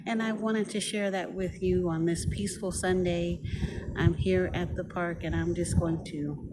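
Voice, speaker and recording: A woman walking in a park, a little out of breath, offering gentle, prayerful blessings to her viewers. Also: lowish voice, fairly even intonation, measured pace. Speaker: vlogger. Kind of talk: prayerful outdoor vlog. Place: outdoors in a park. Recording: loud outdoor noise.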